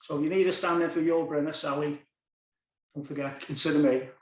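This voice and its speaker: Man emcee, higher-pitched voice, casual joke-telling patter, echoey recording. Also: fairly even intonation, fairly quick. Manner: chatty, chuckles at his own jokes. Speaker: concert host. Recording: roomy, echoey sound.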